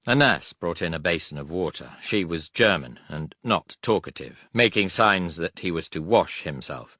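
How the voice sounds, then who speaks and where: A man reading a war audiobook in a measured, steady narration. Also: low voice, no echo, clean studio sound.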